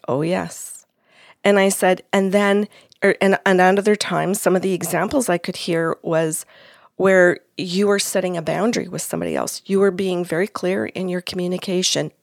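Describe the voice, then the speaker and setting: A woman medium chats casually as she retells a session, slipping in and out of quoted dialogue. Her voice sits a little low, and the sound is close and dry, with no room around it. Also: vocal fry, dry recording. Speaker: psychic medium. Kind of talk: casual storytelling chat.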